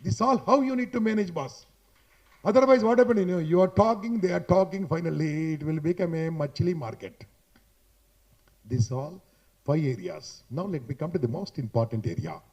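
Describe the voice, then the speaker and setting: Indian english guy coaching a crowd on public speaking, high-pitched but mellow, keeps saying boss. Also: lively intonation, moderate pace. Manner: emphatic and repetitive, ends points with "boss"; chatty, addresses listeners directly. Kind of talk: motivational talk to a live audience. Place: hotel conference hall.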